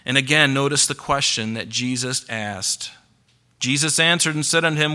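A male pastor delivers a Sunday sermon in a mid-range, sharp, smooth voice at normal speed. He questions the congregation and acts out the Bible stories he reads, his preaching full of rhetorical questions and a voice that rises and falls.

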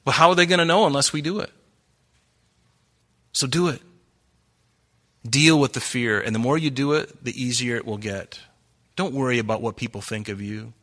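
A man's voice: medium pitch, sharp tone. A middle-aged man preaching a sermon in a conversational, storytelling way, full of rhetorical questions. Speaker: pastor.

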